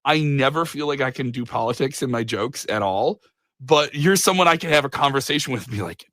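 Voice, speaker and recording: A man's voice: a little high, fairly quick, dry recording. A man hosting a casual podcast interview, chatty and joking, the talk of a radio personality. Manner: chatty, lively, jokey asides. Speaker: guest host and radio personality.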